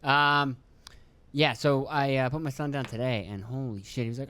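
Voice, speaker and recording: A man's voice: mid-range voice, steady tone, sharp tone. A young man hosting his own podcast, from rural Pennsylvania, talking in a casual, profane, joking ramble with a phlegmy throat. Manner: profane, joking, acts out his kids and himself in quick voices. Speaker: podcast host.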